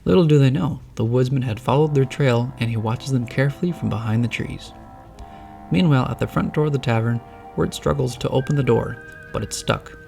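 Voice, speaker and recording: A man narrating a novelized story in a steady, descriptive reading. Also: medium pitch, a little fast, creaky, soft background music.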